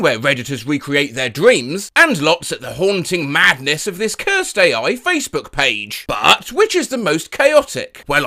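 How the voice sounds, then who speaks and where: A man reading out neighbourhood posts and joking about them in an animated comedic commentary. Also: on the high side, no room sound, clean studio sound. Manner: animated, jokey, mock voices for posts.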